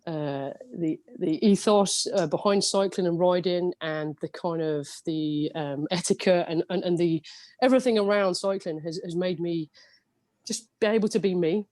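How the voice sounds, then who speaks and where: A woman's voice: on the low side, a little slow, a little mellow, dry recording. Podcast guest: woman in her thirties, under a cold, chatty and laughing, recorded dry. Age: 30s. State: has a cold. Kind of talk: casual podcast chat.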